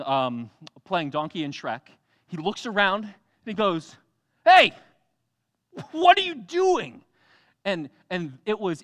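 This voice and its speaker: A young adult man preaching a sermon in a church, telling the story with animated energy, acting out voices and laughing often. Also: on the high side. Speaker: pastor.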